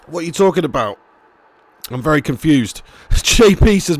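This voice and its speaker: A man commentating his football game live and reading out chat messages, excitable and swearing. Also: on the high side, moderate pace, gravelly, no room sound. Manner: excitable, swears, cheeky banter. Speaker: gaming streamer.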